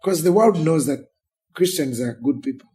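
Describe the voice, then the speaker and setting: A man's voice: on the high side, expressive, normal speed, dark tone, breathy edge, faint music behind. A Ugandan man, a pastor in his thirties or forties, telling his life story as an interview guest and acting out the people in it. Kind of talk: emotional storytelling in a sit-down interview.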